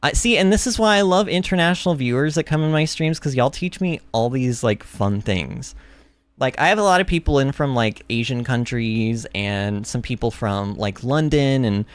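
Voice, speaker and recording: A woman's voice: extremely low pitch, lively intonation, normal speed, no room sound. A woman streaming a video game and chatting casually with her viewers, talking in a bubbly way with lots of fillers and restarts. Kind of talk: casual livestream chat while playing.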